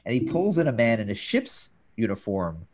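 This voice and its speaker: A man hosting a casual talk show, recapping scenes and jumping into quoted lines with an animated delivery. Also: normal speed. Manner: animated, jumps up in pitch for quoted characters. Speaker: podcast host.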